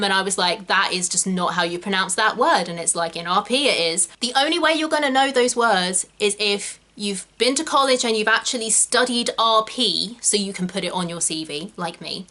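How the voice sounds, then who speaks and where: A young woman from England teaches actors in a chatty, emphatic way, full of quick asides. Her voice is bright and clear, with an ordinary middle pitch. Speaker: acting coach. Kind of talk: talking-head tutorial.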